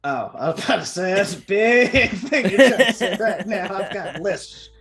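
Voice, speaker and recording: A man jokes his way through a tabletop game, sarcastic and quick to laugh. His voice swoops up and down a lot. Faint music plays behind him. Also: high voice, expressive. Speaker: player. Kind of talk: casual tabletop role-play.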